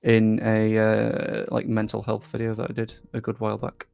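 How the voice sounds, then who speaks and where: A man's voice: lowish voice, monotone, normal speed, vocal fry, darkish tone, faint music behind. A young man from England with a faint Yorkshire accent, casually chatting on a live stream and reading out viewer comments in a self-deprecating way.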